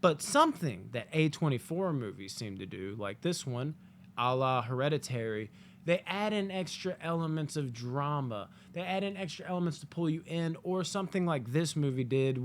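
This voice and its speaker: Animated, foul-mouthed male movie reviewer. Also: fairly high pitch, brisk, a little hiss or hum. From United States. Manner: animated, profane, jokey asides with acted-out quotes. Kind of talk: casual spoken movie review.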